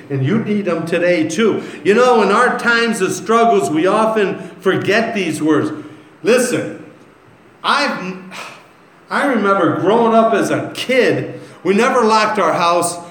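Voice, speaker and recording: Slow-talking preacher man in an echoey room. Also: high voice, expressive, a bit bright. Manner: conversational, reads scripture then tells stories. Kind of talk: sermon. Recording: echoey room with faint ambience.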